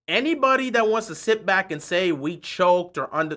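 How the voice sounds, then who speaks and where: Bright-voiced fed-up sports fan ranting. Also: mid-range voice, normal speed, few pauses. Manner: frustrated, sarcastic and repetitive. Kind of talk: live reaction rant.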